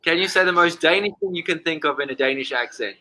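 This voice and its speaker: A man hosting a casual interview, firing off quick quiz-style questions. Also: a little high, bright, forceful tone, low-quality recording. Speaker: podcast host.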